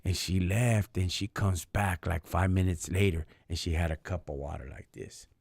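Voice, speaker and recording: Low, gravelly man telling a story. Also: fairly even intonation, moderate pace, darkish tone, no echo, studio quality. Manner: slangy and street-casual, often says "dog" and "homie"; earnest, faith-focused. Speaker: live stream host. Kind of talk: casual storytelling chat.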